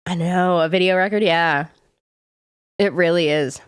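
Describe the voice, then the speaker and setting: A young woman with a Southern US accent and a fairly low, unhurried voice rambles through a casual live-stream chat while sick, answering viewers and leaning heavily on "like." The tone is clean, with no echo and studio-quality sound.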